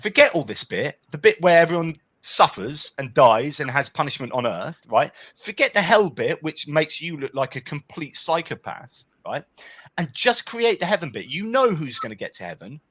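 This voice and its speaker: A man's voice: on the high side, very animated, normal speed, a bit bright, husky. A man speaking as a guest in a casual discussion, arguing animatedly and often checking in with "right?". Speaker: guest author.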